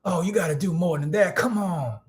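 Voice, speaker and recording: A man putting on a spry old grandfather with a twangy drawl, pitched up high and set a little back from the mic, coaxing and teasing with an easy push. The old man sounds fit and playful. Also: fairly quick, close to an everyday voice.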